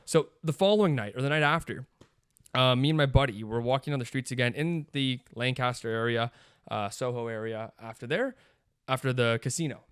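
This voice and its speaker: Fast-talking young man telling stories. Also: medium pitch, a bit bright, smooth, dry recording, clean studio sound. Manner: rambling storyteller, laughs often. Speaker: podcast co-host. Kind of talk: casual chat.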